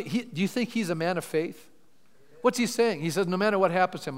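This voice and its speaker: A male pastor preaching a sermon, asking his congregation questions and retelling scripture in lively paraphrase. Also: sits high, fast talker. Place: church sanctuary. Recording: church hall with long reverb.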